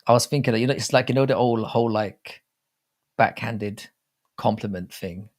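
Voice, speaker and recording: A man's voice: medium pitch, moderate pace. A young English man with an English accent, hosting a live chat stream, rambling casually, swearing often and reading viewer comments aloud. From England. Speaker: livestream host.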